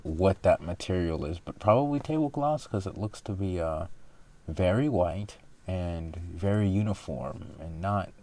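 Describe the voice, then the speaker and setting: A man's voice: sits low, animated, unhurried, a little mellow. A man hosting a reaction video, talking casually and rambling through his thoughts with frequent self-corrections.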